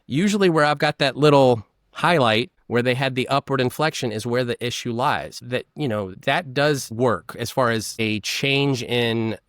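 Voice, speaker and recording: Interview guest: man, mid-pitched, lively explainer who acts out examples, dry booth sound. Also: normal speed, few pauses, no echo. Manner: animated, acts out questions and answers. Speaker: guest, former polygraph examiner.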